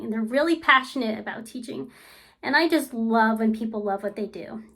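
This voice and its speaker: A woman's voice: a little high, fairly bright tone. A woman vlogger speaking in a casual, frank, rambling way, full of fillers like "um" and "you know.". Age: adult. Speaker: language-learning vlogger. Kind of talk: casual chatty review.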